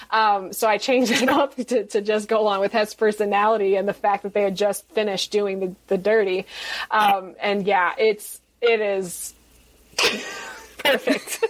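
A woman author talking casually in a podcast interview, rambling with many ums and restarts and laughing often. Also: mid-range voice. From United States. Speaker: guest author.

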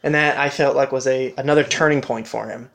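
Animated, conversational podcast storyteller, a man. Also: mid-range voice, fairly quick, creaky. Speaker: podcast co-host. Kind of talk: casual retelling of a game playthrough.

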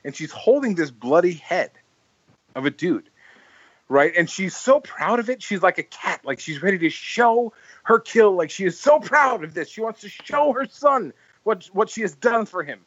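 A man hosts a casual podcast chat, rambling through long stories full of "like," fillers, and restarts, laughing as he tells them. His high voice has lively intonation, a fairly bright tone, and a breathy edge at a moderate pace. The recording is dry and dull.

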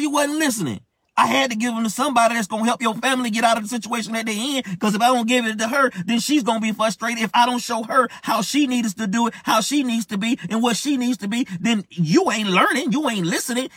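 A man's voice: high voice, fairly quick, a bit bright, dry recording, clean studio sound, pitched above the performer's own voice. A man voicing God as a stern male figure who scolds a wayward man, in a sermon. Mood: stern rebuke. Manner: scolding, commanding, repetitive.

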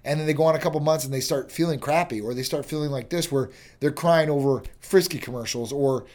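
A man's voice: fairly high pitch, a little mellow. A man hosting a clinic talk show, explaining health matters in a casual, chatty way that keeps checking in with "right?" and "you know". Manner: chatty, repeats "you know" and "right?", acts out quick exchanges. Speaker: host of a medical clinic show.

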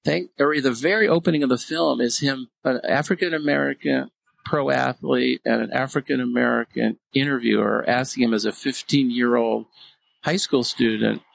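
A man's voice: medium pitch, gravelly, a bit bright, a little hiss or hum, rough recording. A man being interviewed about his film, speaking with a stutter and lots of "you know" fillers. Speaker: interview guest, filmmaker and writer. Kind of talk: casual interview talk.

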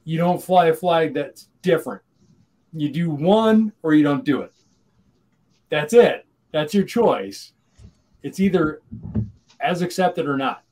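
Man from Minnesota, rambling co-host, a bit high-pitched, loose and chatty. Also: animated, slow, long pauses, darkish tone. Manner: rambling, many restarts and self-corrections. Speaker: podcast co-host. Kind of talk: casual chat.

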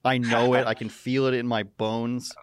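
A man's voice: medium pitch, flat delivery, moderate pace, a little hiss or hum. A man hosting a casual live news show, joking and sarcastic, with rambling asides. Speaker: live stream host.

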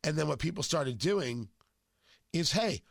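A man hosting a talk show with a cold and a scratchy, sore throat, his voice pitched a bit high and swinging all over as he hammers his points home. His delivery is emphatic and mocking, with gravelly fry on the low ends. The sound is close and dry, with no room around it. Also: lively intonation, unhurried, no room sound. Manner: emphatic, mocking, punchy phrasing. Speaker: radio talk show host. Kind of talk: opinionated political monologue.

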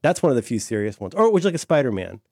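A man's voice: mid-range voice, big pitch swings, very fast, darkish tone, no room sound, studio quality. A middle-aged man chatting casually as a podcast co-host, enthusiastic and rambling, full of fillers and restarts. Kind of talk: casual chat.

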